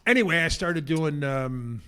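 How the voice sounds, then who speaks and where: An older man, an actor and comedian, telling casual anecdotes as a podcast guest, lively and laughing as he acts out other people. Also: on the high side, unhurried, a little hiss or hum.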